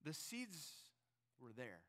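A man's voice: on the high side, huge pitch swings, slow, fairly bright tone. A man preaching a sermon to his congregation, earnest and storytelling, speaking straight to the listeners. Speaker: pastor. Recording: long reverb of a large hall.

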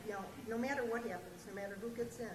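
A woman taking part in a Bible study, giving quick, quiet answers from within the group. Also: on the high side, a crowd in the background.

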